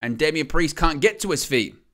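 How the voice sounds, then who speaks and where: A man hosts a live wrestling watch-along, calling the match in a bright, slightly high voice. He jokes and laughs along with the action and gets loud and excited when the crowd erupts. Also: normal speed. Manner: joking, excitable play-by-play with laughs.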